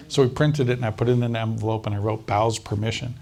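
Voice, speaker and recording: A man guest in an interview, telling a long personal story with lively quoted dialogue and frequent laughter. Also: on the low side, fast. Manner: animated anecdotal storyteller, mimics other speakers, laughs often. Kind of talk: storytelling in a recorded conversation.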